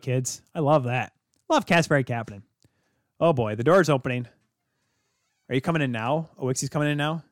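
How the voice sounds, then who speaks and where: Excitable man hosting a hockey show. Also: a little high, no room sound, clean studio sound. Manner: excitable, rambling, talks to viewers as kids. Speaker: podcast host. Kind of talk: casual hockey talk.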